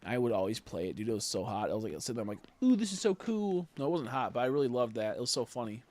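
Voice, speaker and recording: Rambling young man streaming a game. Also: rapid-fire. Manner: rambling, joking, swings between loud bursts and low mutters. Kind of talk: casual livestream chat while gaming.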